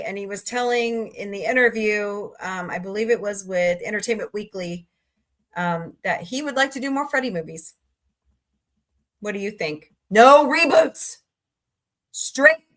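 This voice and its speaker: A woman with a medium-pitched, slightly bright voice hosts a casual live stream. She's chatty and jokey, talking about movies with her viewers and reading out and answering their comments.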